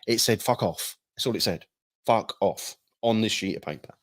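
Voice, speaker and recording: A middle-aged man telling a story casually, rambling with many ums and restarts, swearing freely and acting out shouted quotes. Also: lowish voice, normal speed, no room sound, studio quality. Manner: acts out shouted quotes with sudden bursts. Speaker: hypnosis trainer recounting military past.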